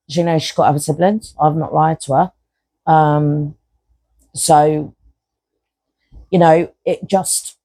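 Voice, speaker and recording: A woman's voice: low-pitched, mellow, no room sound, rough recording. A woman hosting a podcast, talking frankly and rambling with lots of fillers and casual swearing. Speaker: podcast host. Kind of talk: candid personal monologue.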